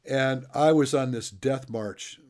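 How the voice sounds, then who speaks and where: A middle-aged man hosts an easygoing interview in a voice of ordinary pitch. He is chatty and drifts into his own stories, laughing along with his guest. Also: slow pace, a little mellow. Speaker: interviewer and coach. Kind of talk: casual interview chat.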